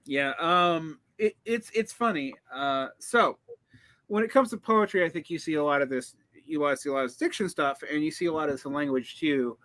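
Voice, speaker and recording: A man's voice: fairly high pitch, normal speed, sharp tone, dry recording. A man hosting a casual conversation, explaining language history in a digressive, lecturing way with many fillers and restarts. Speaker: host, teacher.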